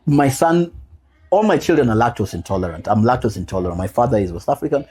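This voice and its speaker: Man, husky voice, lively swinging pitch, heartfelt, casual slang, podcast guest storytelling. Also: quick pace. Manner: heartfelt, repeats key phrases for emphasis; casual slang mixed with earnest reflection. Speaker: podcast guest, single father. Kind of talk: personal storytelling in a podcast interview.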